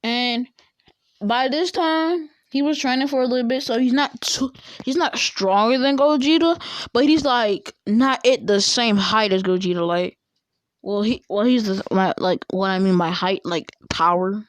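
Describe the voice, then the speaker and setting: A woman's voice: a little high, measured pace, dry recording. A woman casually telling a fan-fiction story in a rambling, slangy way, with many fillers and restarts.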